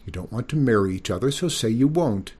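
A man's voice: medium pitch, lively intonation, brisk, darkish tone, husky. A man doing a sensible, cheerful young woman. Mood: matter-of-fact.

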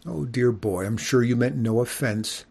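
A man's voice: mid-range voice, normal speed, gravelly, a little mellow, breathy edge. A man reading an audiobook, voicing a prim, genteel widowed mother skunk who lectures in a proper manner. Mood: prim lecturing.

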